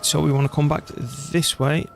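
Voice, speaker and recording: A man's voice: fairly high pitch, level tone, normal speed, vocal fry, slight background noise. A middle-aged British man chatting and rambling casually while streaming a strategy game. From Britain. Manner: rambling, chatty, self-deprecating. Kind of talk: casual gameplay commentary.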